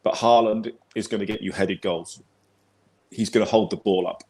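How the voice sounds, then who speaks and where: Speaking at a moderate pace with fairly even intonation, this man has a lowish, somewhat mellow voice. In his forties and English-accented, he joins a video call as a football pundit guest, chatting in a rambling, repetitive, easygoing manner.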